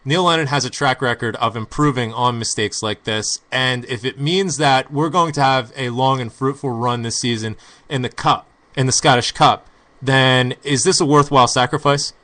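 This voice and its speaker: A man's voice: medium pitch, normal speed, bright, forceful tone. A man hosting a casual podcast chat, talking in a hesitant, stammering way. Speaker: podcast host.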